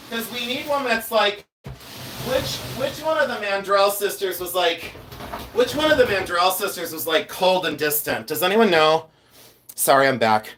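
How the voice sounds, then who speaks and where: A man's voice: high-pitched, lively intonation, slow pace, a bit bright. Chatty scattered man on a home livestream. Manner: chatty, scattered, talks to chat while rummaging around. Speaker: livestream host, silversmith. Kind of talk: casual live-stream chat. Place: home studio.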